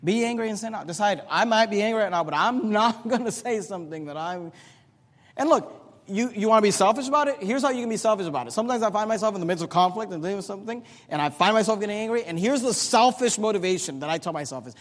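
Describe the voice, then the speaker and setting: High-voiced pastor preaching in a hall. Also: male voice, lively intonation, quick pace. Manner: swings from loud emphatic peaks to quiet teaching. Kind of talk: sermon.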